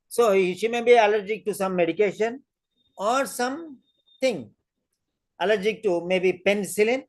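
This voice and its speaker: A tutor giving a listening test lesson, talking slowly and deliberately and repeating each point to drill it in. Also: medium pitch. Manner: deliberate, emphatic teacher talk. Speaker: exam-prep tutor.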